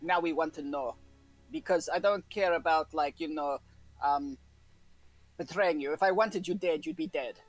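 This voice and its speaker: A man's voice: a little high, moderate pace, no echo, faint music behind, close to an everyday voice. A man voicing a blunt, menacing male rogue with a put-on foreign accent. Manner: threatening, blunt.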